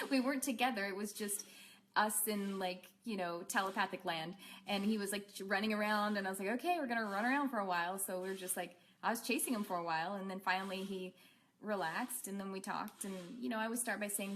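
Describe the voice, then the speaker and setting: A woman's voice: medium pitch, a little hiss or hum. A woman teaching a casual online class as an animal communicator, rambling along with many fillers and restarts.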